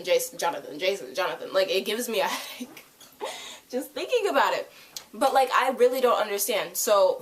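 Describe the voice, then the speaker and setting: A young woman with a mid-range voice reviews a TV episode while talking to camera, rambling and animated, full of "like" and quick asides.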